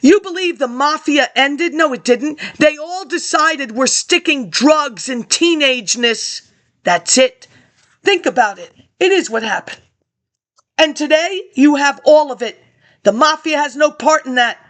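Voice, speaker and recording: High-pitched, confrontational woman ranting. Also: lively intonation, unhurried, fairly bright tone. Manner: confrontational, accusing, jumps between topics. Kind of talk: rambling political rant to an absent audience.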